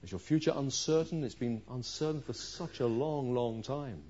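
A man preaching a sermon, pressing his listeners with rhetorical questions and moving between forceful, raised lines and quiet, low ones. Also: moderate pace. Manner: earnest preaching with rhetorical questions, swinging from loud to hushed. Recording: dull lo-fi recording.

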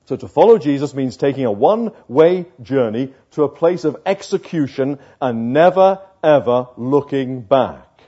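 A man preaching a sermon, slow and emphatic, with dramatic pauses between phrases. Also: mid-range voice, expressive, dark tone, dull audio.

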